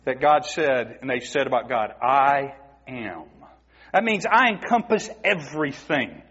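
A man's voice: a little high, a bit bright, breathy edge. A man preaching a sermon, emphatic and asking the congregation rhetorical questions. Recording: dull, muffled recording in a reverberant hall.

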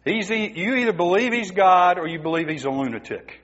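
Husky preacher in a big hall. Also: male voice, high-pitched, lively intonation, brisk, a bit bright. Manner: emphatic, rhetorical questions to the congregation. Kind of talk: sermon. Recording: dull, muffled recording in a reverberant hall.

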